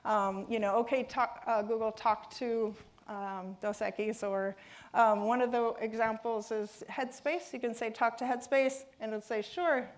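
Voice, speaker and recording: Woman giving a conference talk, bit high voice, lots of ums and restarts. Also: steady tone, measured pace. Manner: hesitant, many fillers and restarts. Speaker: conference speaker.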